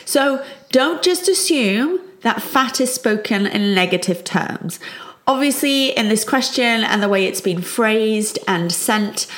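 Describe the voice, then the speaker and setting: A middle-aged woman, a child psychologist, calmly and reassuringly explaining parenting advice. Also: a little high, takes it slowly. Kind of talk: parenting advice talk to camera.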